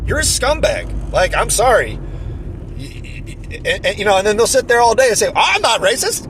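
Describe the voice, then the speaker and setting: Indignant high-voiced man, sarcastic commentary. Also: sing-song, normal speed, noisy background. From New Jersey. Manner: indignant, sarcastic, mocking quotes. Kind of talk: opinion commentary.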